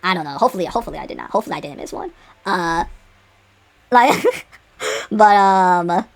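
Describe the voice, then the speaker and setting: A young adult woman vlogging in an unscripted casual chat, rambling with many fillers and restarts and sudden excited jumps in pitch. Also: brisk.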